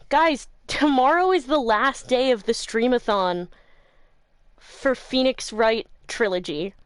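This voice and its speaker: A woman streamer with a slightly high, stuffy, congested voice, chatting loosely with her viewers from home. She swears freely and laughs a lot. The sound is dry and close on her mic. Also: takes it slowly, clear, resonant tone, no echo. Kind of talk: casual chat with live viewers. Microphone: new desk mic.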